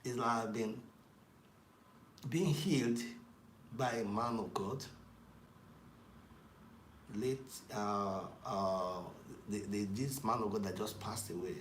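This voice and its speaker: A man's voice: on the low side, slow pace, long pauses. A man giving a rambling casual talk, with many fillers and restarts. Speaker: commentator. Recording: echoey room with faint noise.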